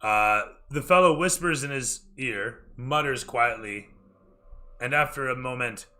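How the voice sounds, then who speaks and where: A man narrating a tabletop game as game master, talking in a hurried, self-correcting way with casual swearing. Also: mid-range voice, pushed and bright.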